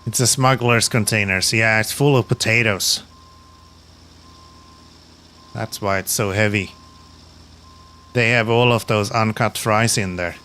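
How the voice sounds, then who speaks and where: A man's voice: lowish voice, moderate pace, slight background noise. A man streaming a construction game, chatting casually and muttering to himself as he plays. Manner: relaxed, mutters to himself while playing. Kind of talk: casual gameplay commentary.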